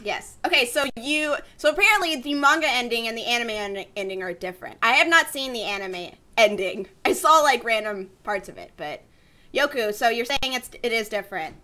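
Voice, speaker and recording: A woman's voice: a little high, lively intonation, brisk, bright, forceful tone. A woman co-hosting a casual manga podcast over a call, chatty and steering the talk. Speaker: podcast co-host.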